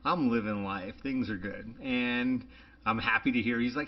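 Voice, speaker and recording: A man in his forties co-hosting a casual podcast, telling a story with lively acted-out dialogue. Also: medium pitch, a little fast. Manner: animated storyteller, acts out dialogue. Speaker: podcast co-host. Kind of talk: casual chat. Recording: dull lo-fi podcast audio.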